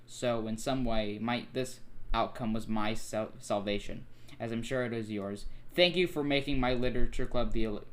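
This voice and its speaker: Sorrowful schoolgirl leader, read by a man, subdued and quiet. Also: mid-range voice, moderate pace, natural voice. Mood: somber. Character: sorrowful teen girl club president.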